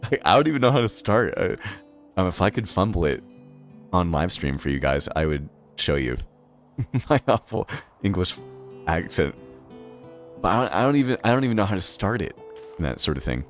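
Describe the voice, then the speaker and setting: A man's voice: deep voice, expressive, moderate pace, pauses often, soft background music. A man from Boston with a Boston accent, chatting casually on a game live stream, rambling with lots of fillers and frequent laughs. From Boston, Massachusetts. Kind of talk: casual live-stream chat while playing.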